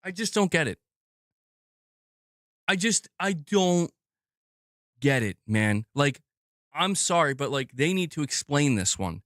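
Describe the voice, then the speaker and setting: A man's voice: fairly high pitch, very animated, slow, long pauses, fairly bright tone, no room sound, studio quality. A man ranting on his live stream, exasperated and swearing a lot. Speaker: gaming news streamer.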